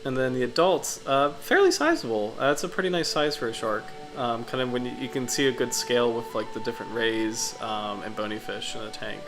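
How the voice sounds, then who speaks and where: A man's voice: medium pitch, expressive, brisk, few pauses, over music, low-quality recording. A congested, sniffly man hosting a casual livestream, rambling enthusiastically with many fillers and restarts. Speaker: livestream host.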